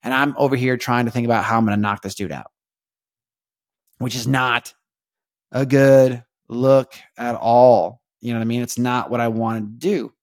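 A man hosting a podcast, talking in a rambling, halting way with many restarts and earnest, faith-minded reflection. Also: mid-range voice, fairly even intonation, no echo, studio quality. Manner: rambling, halting, repeats words, keeps asking "you know what I mean". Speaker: podcast host. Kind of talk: casual confessional monologue.

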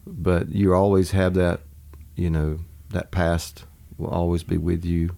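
A man's voice: deep voice, level tone, a little slow, vocal fry, dark tone. A man in his forties, a pastor talking earnestly about his family in casual conversation, laughing easily.

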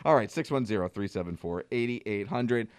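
A man's voice: on the low side, animated, fairly quick, no room sound, clean studio sound. A man co-hosting a radio talk show, chatting in a rambling, self-deprecating way. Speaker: radio co-host.

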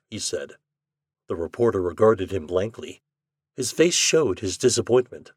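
Man, podcast host, story narration, animated pitch, dry close-miked sound. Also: normal speed, husky, no room sound. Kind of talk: scripted narration.

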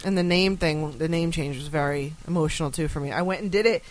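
A young woman, a podcast guest, chatting casually and telling stories with lively acted-out quotes. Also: low-pitched, quick pace, low-quality recording. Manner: animated storyteller, acts out quotes. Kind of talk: casual chat.

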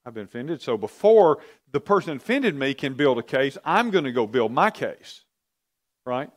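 A medium-pitched man with big swings in pitch speaks at normal speed while leading an interactive church teaching. The pastor or Bible teacher talks conversationally, poses questions to the audience, and often repeats himself.

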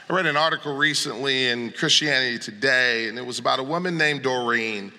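A man preaching a sermon as pastor, animated and dramatic, acting out scripture with sarcasm. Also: medium pitch, brisk, few pauses. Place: large church sanctuary. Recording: long hall reverb.

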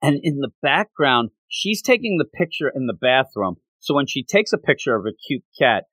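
A man co-hosting a casual podcast, recapping a show in an animated, rambling way with frequent chuckles. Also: medium pitch, moderate pace, husky, no room sound. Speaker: podcast co-host.

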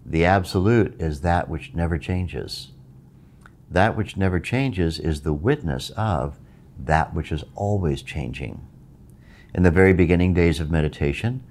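A middle-aged man, a meditation teacher, giving a reflective spoken talk in a measured way, repeating phrases for emphasis. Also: a bass voice, a little mellow.

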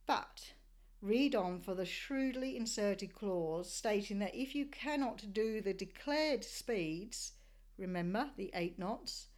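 A woman's voice: mid-range voice, a little mellow. Woman narrating a sailing voyage. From Australia. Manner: measured, descriptive storytelling. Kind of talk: scripted travel narration.

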